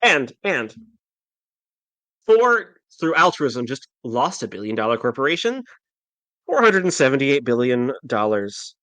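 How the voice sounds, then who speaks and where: Animated, sarcastic man in casual chat. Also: medium pitch, a little slow, dry recording. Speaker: podcast co-host. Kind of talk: casual comic book discussion.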